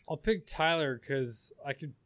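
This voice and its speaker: A man's voice: fairly high pitch, animated, a little slow, heavy background noise. A man bantering and teasing friends in a casual group chat, laughing often.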